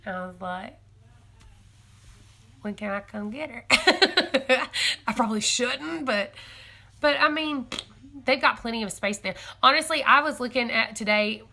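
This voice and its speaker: Young woman chatting on a farm livestream, bright voice, rambly and excitable, giggles a lot. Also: on the high side, a little slow. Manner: chatty and excitable, laughs often; rambling, self-correcting, thinking aloud. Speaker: homesteading live-stream host. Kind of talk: casual live-stream chat with viewers.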